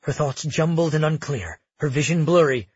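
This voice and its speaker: A man narrating a fantasy audiobook in a measured, even storytelling manner with a husky voice. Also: fairly high pitch, no room sound, lo-fi sound.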